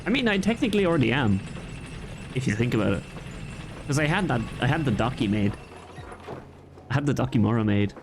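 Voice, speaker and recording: A man's voice: medium pitch, very animated, a little fast, long pauses, music in the background. A young man with a light Irish accent, chatting casually as he streams a game and rambles in reply to his viewers. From Ireland. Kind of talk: casual gaming commentary.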